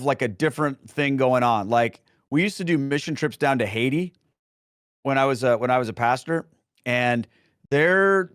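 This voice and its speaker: Smooth-voiced man, chatty and rambling. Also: medium pitch, no room sound, studio quality. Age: middle-aged. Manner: rambling with frequent restarts and fillers. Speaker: guest, Catholic speaker and former pastor. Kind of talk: casual Q&A answers.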